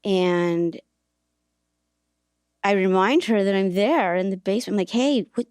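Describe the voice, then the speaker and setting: A woman's voice: medium pitch, unhurried, darkish tone, clear, resonant tone, dry recording, studio quality. A woman hosting a podcast, telling a personal story in a reflective, earnest way, with hesitations and restarts. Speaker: podcast host and author.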